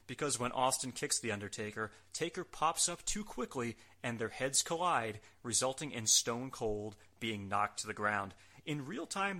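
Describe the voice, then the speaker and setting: Man, podcast host, bright forceful tone, mid pitch, casual recap, wry jokes, light swearing. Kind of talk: casual recap narration of a wrestling show.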